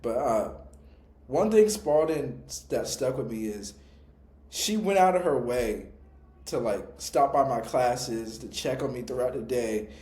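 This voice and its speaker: Relaxed young man, mellow voice, roomy sound. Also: mid-range voice, measured pace. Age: young adult. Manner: relaxed, slangy, reflective. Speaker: podcast co-host. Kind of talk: casual storytelling.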